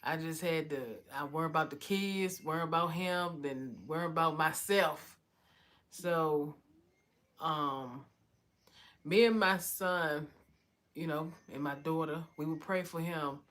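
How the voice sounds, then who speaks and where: A woman's voice: sits low, a little slow, fairly bright tone. A woman giving a heartfelt personal testimony, often repeating "you know". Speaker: vlogger telling her story.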